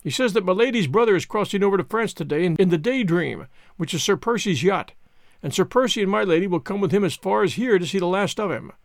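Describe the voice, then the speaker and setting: Brief: male reader as a bustling old innkeeper, folksy and deferential, lively pitch. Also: fast talker, no echo, clean studio sound. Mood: eager.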